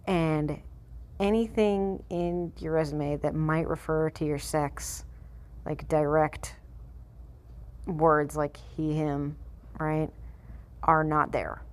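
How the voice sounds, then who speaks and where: A woman's voice: low-pitched, fairly even intonation, slow, long pauses. A woman vlogger reading a web page aloud and breaking off into blunt, mocking, profane commentary.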